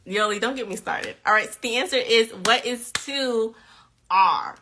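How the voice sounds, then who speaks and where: A woman's voice: a little high, a little slow, sharp tone, a little hiss or hum. A woman tutoring nursing students in a live online quiz, chatty and playful, often laughing as she reads questions aloud. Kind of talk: casual live-stream quiz teaching.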